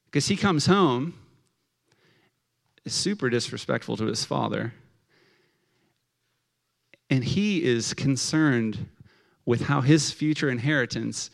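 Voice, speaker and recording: Laid-back male preacher giving a relaxed, talky sermon. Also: mid-range voice, gravelly. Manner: conversational, many fillers of like, acts out quotes. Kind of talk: casual sermon.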